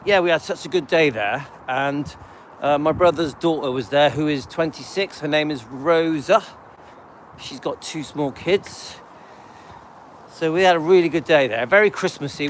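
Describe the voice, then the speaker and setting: Middle-aged guy, slightly high voice, chatty and rambling, live stream on a dog walk, faint street noise. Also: fairly bright tone. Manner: rambling, chatty, loose asides with many ums. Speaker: channel host. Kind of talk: casual live-stream chat while walking. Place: outdoors on a residential street, walking a dog.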